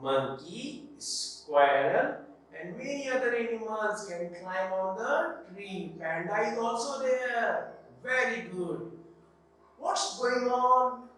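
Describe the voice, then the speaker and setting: High-voiced Pakistani English teacher, echoey room. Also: male voice, lively intonation, fairly bright tone, recorded from a distance. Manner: slow, patient, asks questions then answers them himself. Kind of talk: classroom English lesson for children.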